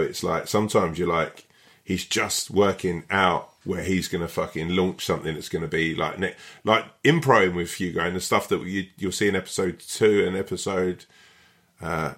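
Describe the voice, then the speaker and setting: Low-voiced actor, rambling and sweary. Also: male voice, normal speed, fairly bright tone. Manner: rambling, swears often, many fillers. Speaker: actor and guest. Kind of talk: casual podcast interview.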